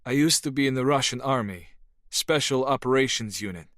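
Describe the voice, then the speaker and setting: A man reading an audiobook voices a Russian spy confessing his true identity in a quiet, earnest way. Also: mid-range voice, a little fast, no echo, studio quality, voice pushed up, close to an everyday voice.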